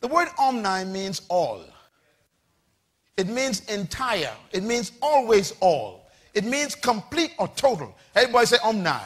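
A male preacher with a very high, bright, piercing voice delivers a sermon. He swings his pitch widely, calling out to the congregation and building to shouted peaks. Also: big pitch swings, moderate pace. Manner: call-and-response preaching, shouting and rising. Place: church with congregation.

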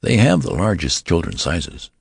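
A man's voice: low voice, huge pitch swings, normal speed, creaky, breathy edge, dry recording, clean studio sound, heavily acted. A man voicing a puzzled, curious male store clerk in a polite, questioning way, in a story reading.

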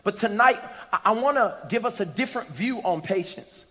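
A man preaching a sermon, telling a story with lively asides and rising into shouts to his congregation. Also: sits high, moderate pace. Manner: animated storytelling, builds to shouts. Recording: long hall reverb.

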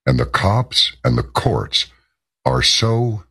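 A man's voice: medium pitch, sing-song, slow pace, creaky, bright, forceful tone, breathy edge. A man hosting a talk radio show, delivering an emphatic opinion monologue and drawing out the words he stresses.

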